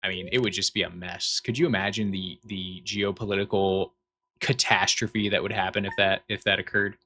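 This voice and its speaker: A man's voice: sits low, steady tone, moderate pace, bright, forceful tone. A man streaming a video game from home, chatting casually and rambling off on tangents while reading chat aloud.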